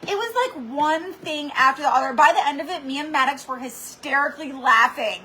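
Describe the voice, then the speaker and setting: A woman with a high, bright, ringing voice hosts a casual craft livestream. She tells stories animatedly and dramatically, peppering every sentence with "like.". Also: brisk, poor audio. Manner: animated, dramatic storytelling with lots of "like". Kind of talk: chatty livestream storytelling. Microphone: computer or camera mic for a live stream.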